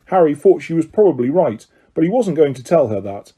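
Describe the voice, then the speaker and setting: Very dark-voiced male audiobook narrator. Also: a little high, a little fast, hardly any pauses, husky. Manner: lively, dramatic storytelling. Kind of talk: scripted narration.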